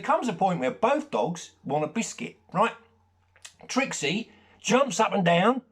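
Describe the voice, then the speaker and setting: A man with an English accent delivering a deadpan, rambling improvised comic monologue, full of fillers. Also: sits high, unhurried, breathy edge. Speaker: comedy sketch host.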